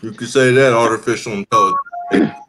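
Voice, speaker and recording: A man's voice: mid-range voice, steady tone, brisk, background noise. A man co-hosting a casual live stream, joking with crude banter.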